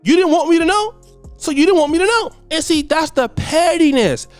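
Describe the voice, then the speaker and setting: A man hosts a celebrity gossip vlog, ranting in a blunt, scolding way with plenty of slang. His voice swings up and down lively as he talks, with faint music under it. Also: very high voice, fairly quick, dry recording. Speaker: celebrity gossip show host. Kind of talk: ranting commentary.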